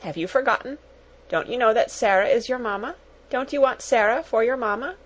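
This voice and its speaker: A woman reading aloud, voicing a kind young girl who speaks in a steady, coaxing way. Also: medium pitch, moderate pace, gravelly, rough recording.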